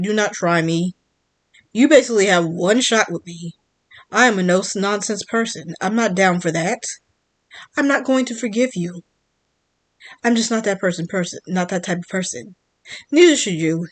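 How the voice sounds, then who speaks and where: A woman's voice: medium pitch, normal speed. A woman giving a blunt, defiant monologue as a vlogger, repeating her points from the United States. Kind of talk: emphatic monologue.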